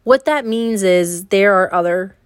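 A woman's voice: medium pitch, a little slow, clean tone, no room sound. Chatty woman hosting, dry close sound. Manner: upbeat, chatty, leads with questions. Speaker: podcast host. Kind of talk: casual chat.

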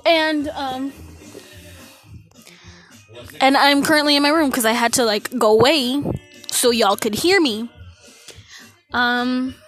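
A woman's voice: high-pitched, slow pace, pauses often, fairly bright tone, soft background music. A fourteen-year-old girl hosting her podcast from her bedroom into a phone, out of breath, rambling and losing her train of thought. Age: teens. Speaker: podcast host. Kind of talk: casual solo podcast chat.

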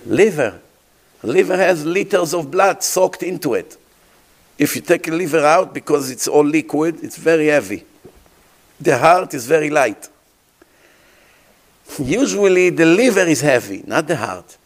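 A man with a fairly high voice delivers a sermon as a rabbi. His English is imperfect in grammar, and he tells vivid stories, throwing rhetorical questions at his listeners. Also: animated, unhurried, long pauses.

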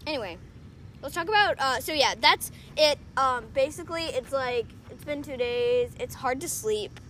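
A young woman with a high voice tells a long, rambling story to a friend, giggling often and leaning on "like". There is a faint hiss of noise under her voice. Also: normal speed, a bit bright. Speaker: co-host. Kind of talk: casual chat.

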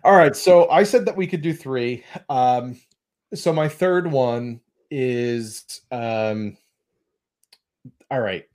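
A man hosting a podcast in casual chat, animated and rambling, often laughing. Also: medium pitch, slow pace. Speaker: podcast host.

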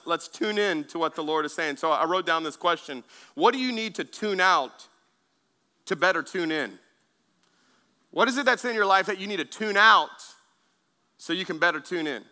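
A man preaches to his congregation in a loose, conversational way, circling back on his words and tossing questions to the room. His voice is strikingly bright and sits a little high for a man. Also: normal speed. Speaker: pastor. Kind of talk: sermon.

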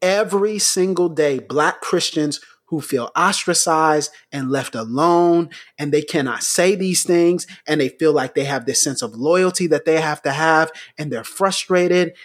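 A man's voice: a little high, a little slow, hardly any pauses. A man co-hosting a podcast, speaking with preacher-like intensity and urgent, rising appeals. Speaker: podcast co-host. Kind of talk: impassioned commentary.

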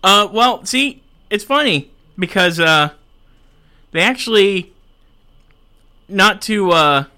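A man's voice: high-pitched, animated, slow, bright, forceful tone. A young man hosting a live show in casual chat, rambling and frustrated by technical trouble. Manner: frustrated, rambling, self-mocking. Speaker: show host.

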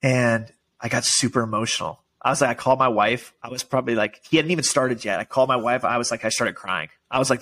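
A man in casual conversation as a podcast guest, telling a story in an excited, emotional way, full of "like" and "dude". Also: mid-range voice, fast talker, few pauses.

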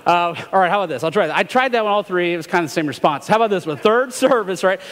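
A man's voice: high voice, expressive, very fast, a bit bright. Joking preacher man in a reverberant hall. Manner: chatty, joking, asks the congregation questions. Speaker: guest preacher. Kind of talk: sermon with jokes and scripture reading. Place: church sanctuary.

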